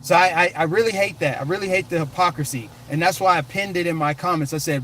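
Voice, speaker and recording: A man from the United States rants on a political vlog, hammering points in punchy, repeated bursts. His voice sits high for a man. The delivery stays combative and emphatic throughout. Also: quick pace, hardly any pauses, fairly bright tone. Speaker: political commentary vlogger. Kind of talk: fired-up ranting commentary.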